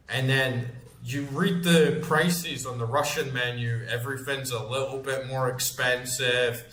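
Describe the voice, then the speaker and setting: A man's voice: medium pitch, fairly even intonation, measured pace, few pauses, a bit bright, reverberant. A Scottish man in his thirties, a gaming streamer chatting casually and rambling as he plays, swearing freely. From Scotland. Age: 30s. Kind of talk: casual chat while gaming.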